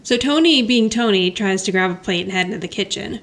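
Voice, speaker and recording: A woman's voice: medium pitch, brisk, fairly bright tone. A woman co-hosting a podcast, chatting casually as she recaps a sitcom episode, laughing often and acting out the characters' lines. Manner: chatty, giggly, acts out lines from the show. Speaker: podcast co-host.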